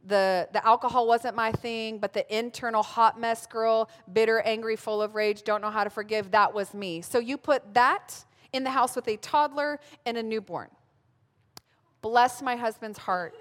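Woman pastor in her thirties, fairly high voice, wry self-mocking sermon, long hall reverb. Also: a bit bright. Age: 30s. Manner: humorous, self-mocking storytelling. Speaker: pastor speaking at a women's gathering.

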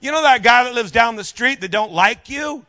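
A man's voice: extremely high pitch, expressive, normal speed, pushed and bright. A male pastor preaching a sermon, telling a story with animation and calling out to the congregation.

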